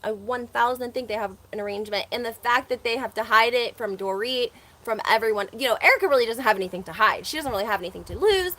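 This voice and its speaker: A woman's voice: fairly high pitch, fast talker, hardly any pauses, bright, forceful tone. A woman with a Southern American accent hosting a casual gossip livestream, chatty and opinionated, often laughing between her points. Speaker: reality TV recap host.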